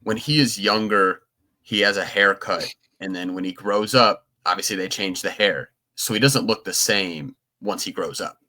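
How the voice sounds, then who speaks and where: Young man, podcast co-host, bright voice, lowish pitch, rambling casual chat. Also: moderate pace. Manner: rambling, restarts often.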